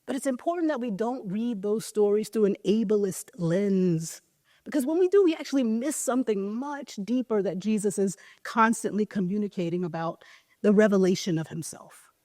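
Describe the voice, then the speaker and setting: During a church service, a woman preacher gives a conversational sermon, casually retelling a story with lots of filler words. Her medium-pitched voice is animated and warm at normal speed, recorded with studio quality and no echo.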